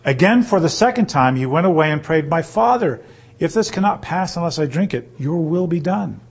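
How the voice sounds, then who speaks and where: A man reading scripture aloud and teaching on it, pausing to ask his listeners rhetorical questions. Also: on the high side, lively intonation, slightly rough. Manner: reads slowly, then explains with rhetorical questions. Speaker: Bible teacher.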